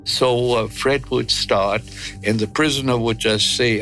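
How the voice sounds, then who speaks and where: A man in his nineties from Germany, recounting wartime memories in an interview, unhurried and reflective with frequent hesitations. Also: medium pitch, fairly even intonation, fairly bright tone, faint music behind. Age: 90s. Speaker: interviewee, war veteran.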